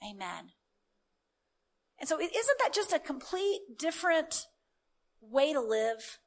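A woman delivering a sermon with a fairly high voice. She tells stories casually, full of restarts and asides, then prays in fervent, declarative bursts. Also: unhurried. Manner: animated, conversational, breaks into fervent declarative prayer. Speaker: preacher. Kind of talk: sermon with storytelling and prayer.

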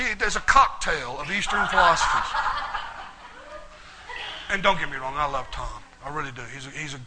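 A middle-aged male pastor preaching a sermon, telling a story in a folksy, animated way. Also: on the high side, rough recording. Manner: folksy, animated storytelling with Southern turns of phrase.

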